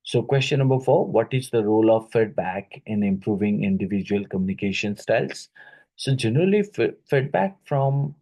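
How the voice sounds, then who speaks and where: A man teaching an exam-prep lesson, reading each question twice and pausing with fillers and "right?" tag questions. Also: fairly low pitch, animated, dark tone, poor audio. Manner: halting, with many fillers and "right?" tags; repeats each question aloud.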